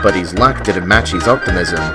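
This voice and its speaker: A man giving scripted storybook narration in an animated, expressive way. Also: sits low, brisk. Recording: festive music with jingle bells behind.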